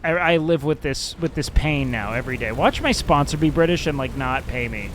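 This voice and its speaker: A man's voice: mid-range voice, lively intonation, brisk, fairly bright tone, a little hiss or hum. A man streaming a game and chatting casually, joking and sarcastic, swearing freely. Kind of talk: casual gaming stream chat.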